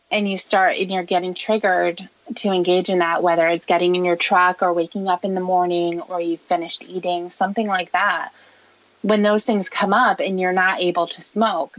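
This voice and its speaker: Woman radio advice host, calm and measured, coaching a caller, voice a bit low. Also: dry recording, low-quality recording. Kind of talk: advice talk on a radio call.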